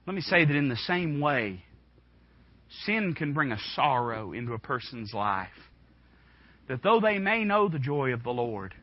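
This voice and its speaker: Impassioned young preacher, dull recording. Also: male voice, medium pitch, big pitch swings, measured pace, no room sound. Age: 20s. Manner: impassioned, swings from hushed to shouting. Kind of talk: sermon. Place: church room.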